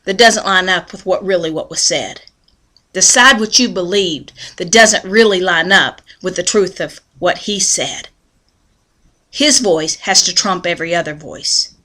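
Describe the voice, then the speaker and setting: A woman's voice: mid-range voice, sharp tone. A woman giving a devotional talk that mixes folksy storytelling with earnest preaching. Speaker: devotional speaker.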